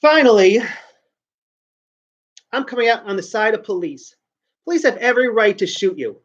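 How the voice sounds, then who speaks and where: A man's voice: sits high, big pitch swings, normal speed, a bit bright, lo-fi sound. A man hosting a show, giving a brash, blunt ranting commentary full of swearing. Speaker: show host.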